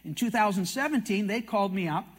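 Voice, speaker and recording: Older man from canada, high-pitched voice, folksy sermon storytelling, self-mocking asides. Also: lively intonation, quick pace, slightly rough. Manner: folksy, self-mocking anecdotes with acted quotes. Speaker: TV prophecy teacher speaking at a meeting.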